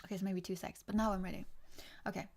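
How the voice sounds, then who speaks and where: A woman's voice: medium pitch, fairly quick, dark tone. A young woman reading cards on a casual livestream, chatty and easily distracted, laughing often as she talks to viewers. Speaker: tarot card reader.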